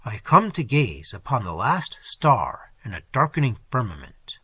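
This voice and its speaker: A man's voice: medium pitch, sing-song, a little slow, pushed and bright, breathy edge, dry recording, voice pushed down, full character voice. A man doing a solemn, prophetic stranger. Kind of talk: audiobook character voice.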